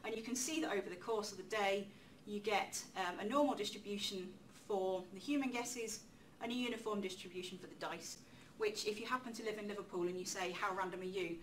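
A woman giving a public talk in a lecture room, lively and chatty, with self-deprecating asides. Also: mid-range voice, fairly quick, few pauses. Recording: distant mic with faint room noise.

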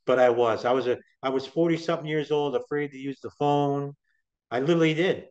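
A man's voice: medium pitch, brisk, darkish tone. A middle-aged man guesting on an interview, telling his story in a chatty, rambling way with lots of restarts. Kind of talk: casual storytelling. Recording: dull lo-fi sound.

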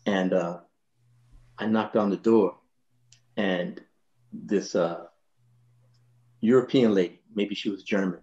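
Low-voiced man telling relaxed stories. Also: takes it slowly, long pauses, muffled recording. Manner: relaxed, laughing, lots of "you know". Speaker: bass player telling stories. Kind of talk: anecdotal storytelling in a panel.

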